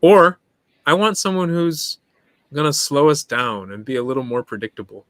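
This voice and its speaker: A man speaking as a podcast guest in casual conversation, animated and quick to list examples, laughing often. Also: on the high side, dry recording.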